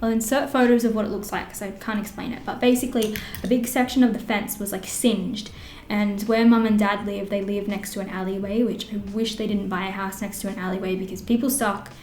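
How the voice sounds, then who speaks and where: A woman's voice: medium pitch, a little fast, slight background noise. Chatty Australian woman vlogging. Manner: rambling and animated, many fillers. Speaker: beauty vlogger. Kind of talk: get-ready-with-me vlog chat. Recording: roomy echo.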